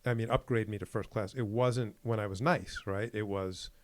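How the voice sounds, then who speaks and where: A man's voice: on the low side, normal speed, dry recording. A man co-hosting a podcast in casual chat, telling stories animatedly and acting out what people said. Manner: animated storyteller who acts out quoted exchanges. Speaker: podcast co-host.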